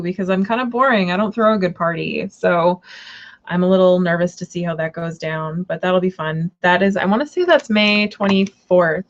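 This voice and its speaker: Chatty New woman, dull audio. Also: on the low side. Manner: rambling, chatty, many fillers and restarts. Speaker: tarot reader and shop owner. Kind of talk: casual live-stream chat.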